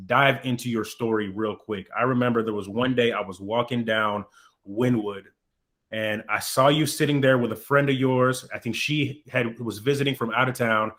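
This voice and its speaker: A man hosting a casual interview podcast, asking questions in a relaxed, friendly way with "you know" fillers. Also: medium pitch, moderate pace. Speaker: podcast host.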